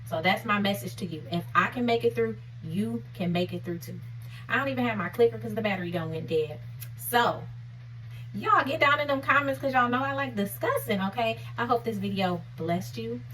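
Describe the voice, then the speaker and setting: Woman, faith vlogger, earnest, preacherly, conversational, mid-pitched, recorded from a distance. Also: lively intonation, moderate pace, sharp tone, a little hiss or hum. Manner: earnest, preacherly, punctuates points with "okay?"; conversational and informal. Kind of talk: encouraging devotional vlog talk.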